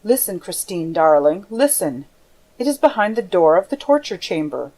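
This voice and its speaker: A woman's voice: fairly low pitch, big pitch swings, moderate pace, dark tone. A woman reading the Phantom of the Opera. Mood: taunting. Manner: rambling, shifting from weary to taunting. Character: masked man, brooding, lonely, menacing. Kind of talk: audiobook character reading.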